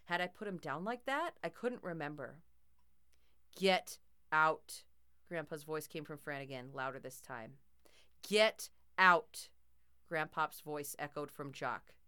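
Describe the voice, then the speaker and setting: A woman's voice: low-pitched, moderate pace, hardly any pauses, fairly bright tone. A woman narrating a first-person horror story in a tense, dramatic way.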